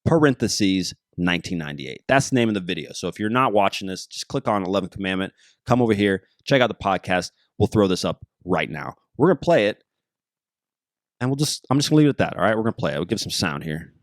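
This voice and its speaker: A young man hosting his own podcast, talking in a casual, excitable and jokey way that keeps drifting off topic. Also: lowish voice, fast, no echo, studio quality. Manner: excitable, jokey, easily sidetracked. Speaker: podcast host. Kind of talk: casual rambling podcast monologue.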